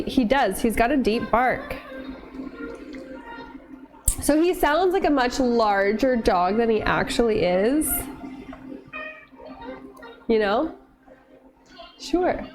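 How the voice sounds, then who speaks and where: A woman chatting casually with viewers while cooking in her home kitchen, laughing often and cooing at her dog. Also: fairly high pitch. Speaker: streamer cooking on camera.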